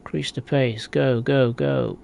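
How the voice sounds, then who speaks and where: A man's voice: medium pitch, fairly even intonation, a little slow, vocal fry, darkish tone. A young man live-streaming a train game, chatting casually and answering viewers in a rambling way. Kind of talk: live gameplay commentary.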